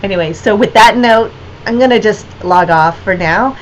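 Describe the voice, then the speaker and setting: A woman's voice: mid-range voice, moderate pace, a little hiss or hum, low-quality recording. Rambling woman chatting on a livestream. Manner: rambling, many fillers and restarts. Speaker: artist and gallery owner. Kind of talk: casual livestream chat.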